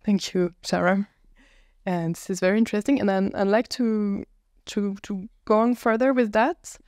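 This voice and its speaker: A woman's voice: medium pitch, fairly even intonation, normal speed, darkish tone, no room sound, studio quality. A woman moderating a conference panel, asking thoughtful questions with slight stumbles. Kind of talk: academic panel discussion.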